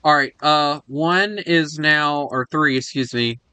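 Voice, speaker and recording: Bright-voiced joking man. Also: fairly high pitch, slow, clear, resonant tone, no room sound. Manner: joking, slips into mock accents. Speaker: gaming channel host. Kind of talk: casual gameplay chat.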